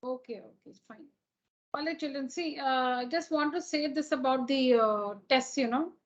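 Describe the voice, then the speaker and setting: A woman with a high voice teaches an online class over a dull, lo-fi call line. She speaks patiently and keeps restating her points so that everyone follows. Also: normal speed. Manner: patient, repeats and rephrases points. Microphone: computer mic on a video call.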